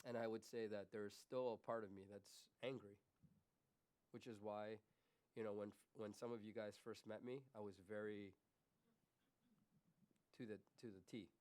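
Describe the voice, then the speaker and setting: A man preaching a sermon as pastor, swinging between quiet, confessional remarks and raised, emphatic questions to the congregation. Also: on the low side, fairly even intonation, moderate pace, long pauses, clean tone. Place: church.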